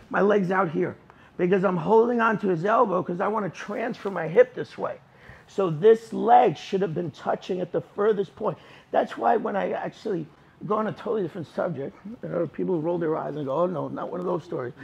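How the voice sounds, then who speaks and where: A man coaches a jiu-jitsu class, walking students through moves as he shows them in an informal, emphatic way. His voice sits high and carries a husky, gravelly texture. He sounds like he is in a training gym. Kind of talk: live class instruction.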